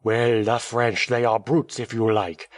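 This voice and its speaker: A man reading an audiobook, voicing a cheerful, talkative male French journalist who speaks in a brisk, airy, teasing way. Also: mid-range voice, steady tone, no echo, clean studio sound, close to an everyday voice. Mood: breezy.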